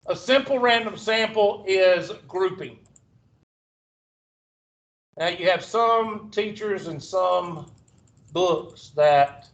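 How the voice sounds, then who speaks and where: Guy teaching math, slightly high bright voice, sarcastic tangents, echoey room from a distance. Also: lo-fi sound. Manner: sarcastic, rambling asides. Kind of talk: classroom lecture. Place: classroom. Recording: echoey classroom from far off.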